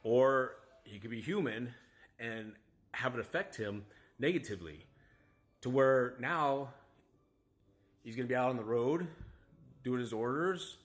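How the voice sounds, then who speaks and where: A father from the United States vlogs a rambling, self-critical story to camera, full of restarts and asides. He speaks unhurriedly and expressively in a medium-pitched voice, leaving long pauses.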